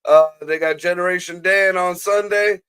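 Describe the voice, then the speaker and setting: A man's voice: sits high, fairly even intonation, moderate pace, a bit bright, smooth, no echo. A man hosting a live stream, chatting loosely and profanely and running through the weekly schedule. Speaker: host. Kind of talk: casual live-stream chat.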